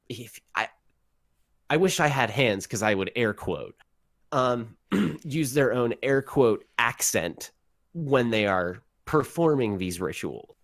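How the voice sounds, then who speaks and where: A man running a tabletop game as game master, explaining things in a relaxed, rambling way. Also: lowish voice, no echo.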